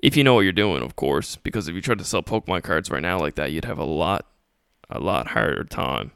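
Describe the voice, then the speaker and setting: A young man hosts a solo podcast, answering listener questions in a casual, motivational style and mockingly voicing his critics in quotes. His low voice is expressive, fairly quick, and a bit bright, with vocal fry and a clear, resonant tone. The recording is dry and clean, studio quality.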